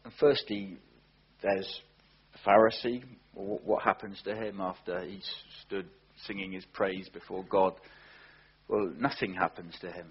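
Slow, husky male preacher. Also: low voice, steady tone, highs cut off. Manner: earnest, emphatic, with rhetorical questions. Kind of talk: sermon.

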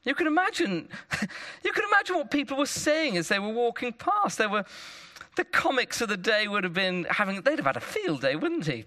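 Bright, lively male preacher. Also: sits high, normal speed. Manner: conversational preaching with stories and tag questions. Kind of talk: sermon.

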